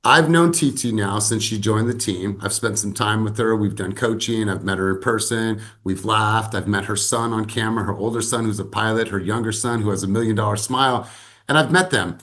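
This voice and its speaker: A man leading a sales team video call, giving emphatic motivational coaching that builds to loud peaks. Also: on the low side, fairly quick.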